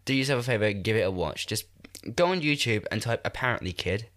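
A man's voice: on the low side, animated, brisk, fairly bright tone. A man, hosting a podcast in casual chat, sounding nasal and congested from a cold, rambling and laughing at himself. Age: 20s. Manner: rambling, self-deprecating, laughs often. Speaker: podcast host. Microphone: new podcast microphone.

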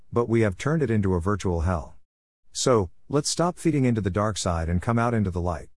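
A middle-aged man with a very low, deep voice reads a letter aloud. His delivery is blunt and preachy, with an irreverent edge. The sound is dry and close, with no room around it. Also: a little mellow, dry recording. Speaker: podcast host.

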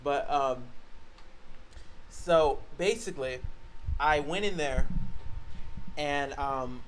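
A man's voice: fairly high pitch, takes it slowly, a little hiss or hum. A young man co-hosting a podcast, telling rambling stories in a casual chat, swearing and laughing often. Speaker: podcast co-host.

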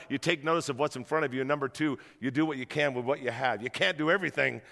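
A man preaching a sermon to a church crowd, telling stories in an animated way and rousing the audience, in a large auditorium. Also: on the high side, long reverb tail. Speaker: guest pastor.

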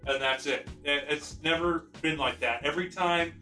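Dude griping in a group chat, bright tone, far from the mic. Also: male voice, on the high side, normal speed. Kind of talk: casual chat. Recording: roomy, distant mic, faint music.

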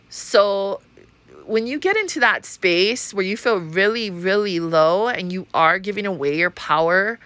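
Woman from Hawaii, podcast host, casual profane chatter, fairly low pitch, dry close sound. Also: a bit bright, no echo. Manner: chatty and profane, with frequent laughs. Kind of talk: casual spiritual-astrology podcast monologue.

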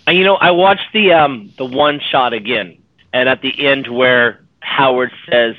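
A man's voice: mid-range voice, measured pace, no echo. A man co-hosting a fan podcast, chatting loosely and circling back as he thinks aloud. His voice sits mid-range for a man, and the sound is dry and thin, like a phone line. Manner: rambling, restarts, speculates about plot. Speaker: podcast co-host. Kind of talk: casual chat. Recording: dry, tinny phone-like audio.

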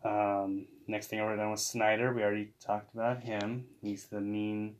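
A man co-hosting a casual chat that recaps a TV episode. He talks playfully and now and then acts out scenes in a high mock voice. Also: little pitch movement, moderate pace. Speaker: podcast co-host.

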